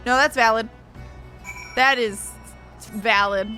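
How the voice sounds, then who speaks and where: A woman's voice: a little high, a little slow, pushed and bright, soft background music. Wry woman streaming a game. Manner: wry, joking asides. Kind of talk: casual gameplay commentary.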